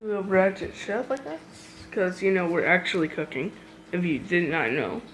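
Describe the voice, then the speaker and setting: A man's voice: high voice, normal speed, fairly bright tone, a little hiss or hum, low-quality recording. A man filming in a home kitchen, adding teasing commentary. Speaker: cameraman. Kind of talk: casual chat.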